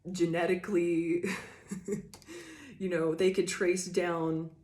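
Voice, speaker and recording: Low-voiced woman giving a blunt tarot reading. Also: animated, slow, darkish tone. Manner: emphatic, swears freely, addresses the viewer directly; loose rambling talk with frequent "like" and "you know". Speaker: tarot reader. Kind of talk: casual collective tarot reading.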